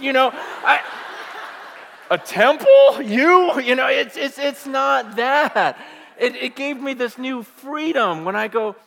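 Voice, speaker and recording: Male pastor, sermon delivery, high voice, animated and conversational, loud-to-hushed swings, hall reverb. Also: unhurried, vocal fry.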